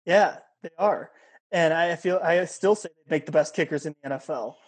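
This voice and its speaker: A man's voice: fairly high pitch, moderate pace, breathy edge. A man hosting a radio sports show, joking easily and laughing along with his guest. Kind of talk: casual sports talk.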